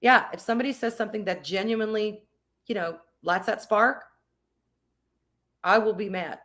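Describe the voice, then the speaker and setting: An expressive woman chats on her livestream, candid and emphatic, mixing blunt swearing with warm reassurance. Her delivery swings between punchy emphasis and quieter, reflective stretches. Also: mid-range voice, normal speed. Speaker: streamer reading chat. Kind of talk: casual livestream chat.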